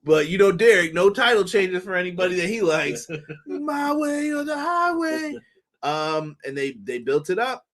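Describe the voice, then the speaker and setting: A man's voice: sits high, expressive, normal speed, fairly bright tone. A man hosting a casual wrestling review show, talking loosely with laughs, curses and mock voices. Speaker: wrestling podcast host.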